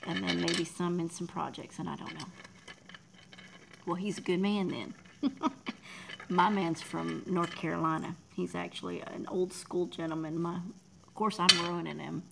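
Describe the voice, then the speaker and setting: A woman's voice: on the low side, flat delivery, moderate pace, vocal fry, slight background noise, poor audio. A Texan woman from Texas chatting casually with her livestream viewers, rambling, reading the chat aloud and laughing often. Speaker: livestream artist.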